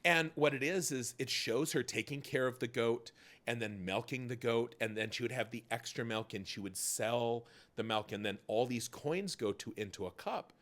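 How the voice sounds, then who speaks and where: A man hosting a charity livestream, telling stories in an animated way and swearing freely. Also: medium pitch, normal speed. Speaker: host. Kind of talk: casual charity stream chat.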